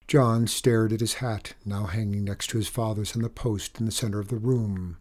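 A man reading a story aloud in an even, measured storytelling manner. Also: lowish voice. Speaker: narrator. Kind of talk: audiobook narration.

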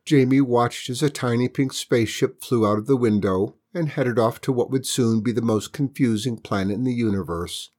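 A woman storyteller reading a children's story aloud in an expressive, measured way. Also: very deep voice.

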